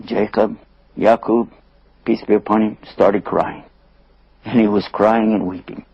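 A man telling a story to an audience in a lively way, acting out the voices and chuckling often. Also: lowish voice, a little slow, husky, dry recording, muffled recording.

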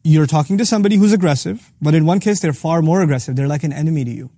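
A man gives a religious lesson at a rapid clip, his voice mellow and soft-edged. He explains each verse earnestly, restating it several ways and slipping quickly into Arabic recitation. The sound is dry and close, with no room around it. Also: a little high, dry recording. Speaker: Quran teacher hosting a series.

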